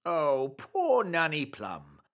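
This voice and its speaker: A man's voice: a little high, huge pitch swings, slow pace, a bit bright, full character voice. King Thistle, a fussy fairy king. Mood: relieved. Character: jolly bumbling fairy king.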